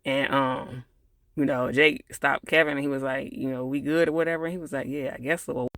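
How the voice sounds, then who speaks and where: Casting: man reviewing a TV episode, gravelly voice, loose rambling recap, dry close sound. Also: medium pitch, steady tone, a little fast, fairly bright tone, dry recording. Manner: rambling, full of fillers, laughs at the characters.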